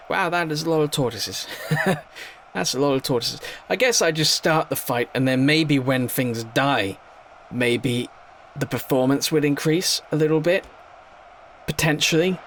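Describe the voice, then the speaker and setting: A fairly high-voiced man commentating a battle game, excitable and chatty. He talks straight to the units on screen, jumping from loud outbursts to quiet muttering asides, with faint music underneath. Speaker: gameplay commentator. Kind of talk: casual gameplay commentary.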